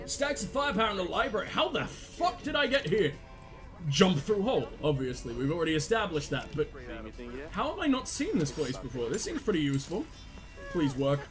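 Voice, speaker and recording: A man commentating on his own video game play, loud, sweary and self-mocking, breaking into panicked yells during fights. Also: sits high, huge pitch swings, fairly quick, over music. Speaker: gaming channel host.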